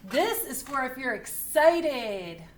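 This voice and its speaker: Woman teacher for a kids' lesson: high, slow, patient, repeats herself. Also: very animated, a little hiss or hum. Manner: slow, patient, repeats key points for children. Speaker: first grade teacher. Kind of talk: remote writing lesson for young children.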